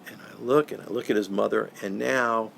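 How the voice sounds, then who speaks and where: Older male guest, gravelly, earnest, halting interview storyteller. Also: on the low side, fairly even intonation, fairly bright tone, a little hiss or hum. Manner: earnest, halting, repeats words when moved. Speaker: professional Santa, guest.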